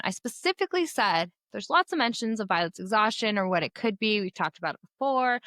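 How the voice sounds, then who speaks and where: A woman's voice: mid-range voice, sharp tone, no room sound. A young adult woman co-hosting a podcast, chatting casually and with strong opinions about a book series. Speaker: podcast co-host.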